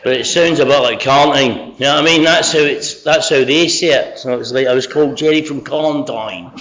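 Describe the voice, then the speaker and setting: A man's voice: medium pitch, a little fast, a bit bright. Sweary middle-aged Scottish man sharing. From Scotland. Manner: sweary, self-mocking, earnest. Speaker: speaker sharing recovery story at a convention. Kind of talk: candid personal share. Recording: dull lo-fi convention recording.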